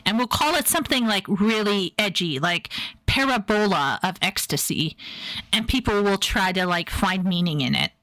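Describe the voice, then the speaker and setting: A woman's voice: medium pitch, expressive, moderate pace, a bit bright, no room sound, low-quality recording. A woman streaming and reacting to videos, chatting casually, playful and emotional with lots of repeated phrases.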